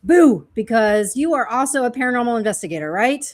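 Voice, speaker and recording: A woman's voice: fairly high pitch, fairly quick, no room sound, studio quality. A woman co-hosting a podcast, telling stories and asking her guest questions in casual chat. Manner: lively storyteller, asks questions. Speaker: podcast co-host.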